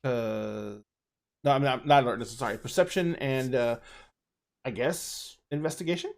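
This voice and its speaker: A man running a tabletop role-playing game, relaxed and hesitant as he works out the rules aloud. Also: mid-range voice, normal speed. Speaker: storyteller.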